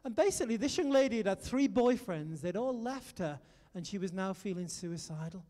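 A British man preaching a sermon, telling stories and urging his listeners on in an animated way. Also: high voice, a little fast, in a large hall. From Britain. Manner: animated storytelling, exhorting the audience.

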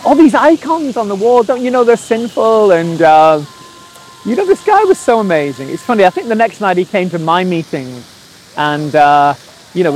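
A preacher tells a personal story in a high voice. He recounts it with lively energy and acts out the quoted lines. Faint sizzling noise sits behind him. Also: low-quality recording. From England. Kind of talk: storytelling sermon.

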